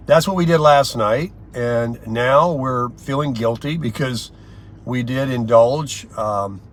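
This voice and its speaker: Older man chatting on a rambling vlog. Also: mid-range voice. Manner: rambling, chatty storytelling with frequent pauses and fillers. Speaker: vlogger. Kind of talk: casual daily vlog chat.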